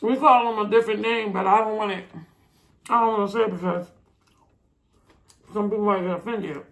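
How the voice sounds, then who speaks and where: A woman's voice: mid-range voice, steady tone, a little fast. A woman chatting casually to viewers while she eats, laughing often. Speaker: mukbang vlogger. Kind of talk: casual eating vlog chat.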